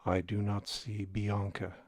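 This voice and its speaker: A man voicing a low, solemn magic mirror. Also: monotone, unhurried, darkish tone.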